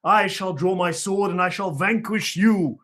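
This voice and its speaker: A man's voice: high-pitched, unhurried, fairly bright tone. A man voicing a pompous swashbuckling stage hero in theatrical, old-fashioned bombast. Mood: bombastic.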